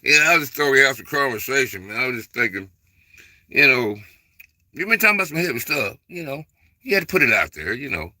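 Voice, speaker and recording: A livestream host chats casually with viewers in a medium-pitched, sing-song voice that's bright and forceful, talking fairly quickly with no echo. He rambles loosely, packing in fillers and informal dialect, and keeps repeating "man" and "you know."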